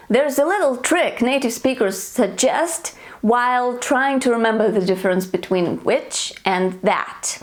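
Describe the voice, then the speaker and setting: A woman with a Russian accent gives an online English grammar lesson at an unhurried, careful pace. Her voice sits fairly high and she explains each point clearly. She lifts her intonation when she reads out example sentences. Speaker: English teacher.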